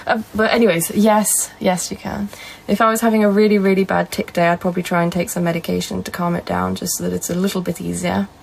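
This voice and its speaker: Chatty Northern English woman, gravelly. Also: on the low side, quick pace, few pauses, poor audio. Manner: reads out and answers viewer comments in a relaxed, chatty way. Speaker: livestreamer. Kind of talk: casual live-stream chat.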